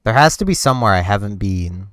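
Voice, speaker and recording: A man's voice: lowish voice, fast. A young man chatting casually and rambling as he plays a game on his channel, filling his talk with "like". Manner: rambling, relaxed, with many "like" fillers. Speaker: gaming channel host. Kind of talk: casual chat while playing a game. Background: faint game music.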